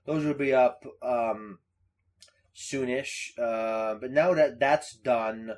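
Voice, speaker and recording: A young man hosting a casual podcast chat, swearing freely and breaking into loud mocking impressions. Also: mid-range voice, slow pace. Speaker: podcast host.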